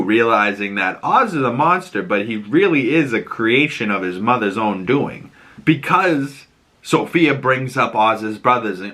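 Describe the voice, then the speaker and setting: An excitable man hosts a podcast and recaps a TV episode in a casual way. He laughs often and keeps talking through plenty of filler words. His voice is bright and forceful, with a mid pitch. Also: measured pace. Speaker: podcast host.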